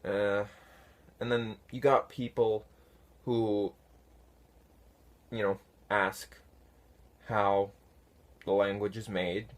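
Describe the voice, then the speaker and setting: Slow, low-voiced man chatting casually. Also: level tone. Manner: unhurried, halting, with many fillers. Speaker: fan conlang vlogger answering comments. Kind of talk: casual talk to camera.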